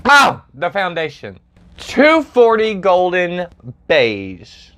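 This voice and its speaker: A man chatting casually through a makeup review at home, excitable, with dramatic squeals and sassy asides, filmed on a phone camera. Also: a little high, moderate pace. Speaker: makeup vlogger.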